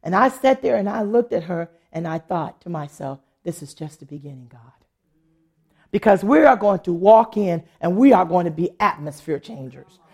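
A woman's voice: on the low side, animated, moderate pace, hardly any pauses, a little mellow, slightly rough. A woman pastor preaching a sermon, telling a testimony and acting out the voices of people she quotes. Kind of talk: sermon with storytelling.

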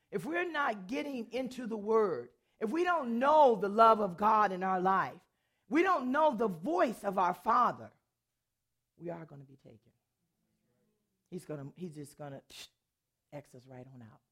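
A middle-aged woman giving a testimony sermon to an audience, a dramatic storyteller who laughs often and swings between loud and hushed. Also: on the high side, husky.

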